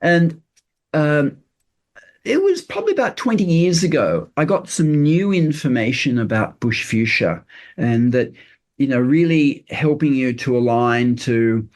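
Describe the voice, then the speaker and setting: An older man speaks as an interview guest at a mid-range pitch. His talk is earnest and explanatory, full of fillers and restarts as he works through his points. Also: a little mellow. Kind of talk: casual interview chat.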